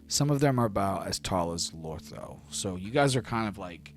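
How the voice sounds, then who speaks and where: Low-voiced man running a tabletop game. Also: expressive, normal speed. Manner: descriptive, loose with fillers. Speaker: game master. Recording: faint music behind.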